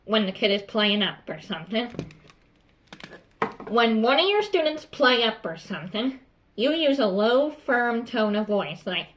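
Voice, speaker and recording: Woman as a calm, strict principal. Bright and crisp, lecturing staff. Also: on the high side, measured pace. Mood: instructing. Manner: instructive, firm, repeats "okay?". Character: strict but calm adult female school principal.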